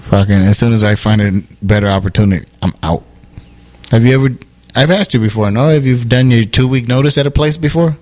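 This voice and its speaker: A young man with a mid-pitched voice, blunt and teasing. He co-hosts a casual podcast and swears in nearly every sentence. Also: fairly quick, darkish tone. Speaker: podcast co-host.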